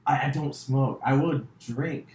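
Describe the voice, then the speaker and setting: A man's voice: medium pitch, unhurried, a little mellow, a little hiss or hum. Rambling male podcast host. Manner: rambling, loose, many fillers and restarts. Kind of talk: casual chat. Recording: echoey room.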